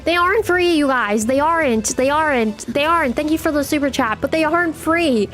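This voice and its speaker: A woman's voice: sits high, brisk, fairly bright tone. A young woman streaming a game live, chatting with her viewers in a playful, teasing way.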